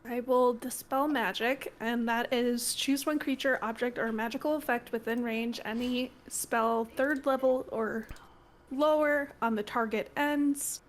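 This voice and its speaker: A woman taking part in a tabletop game, switching between chat and reading rules aloud. Her voice sits high. She keeps it chatty and practical. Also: fairly even intonation, unhurried. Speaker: player.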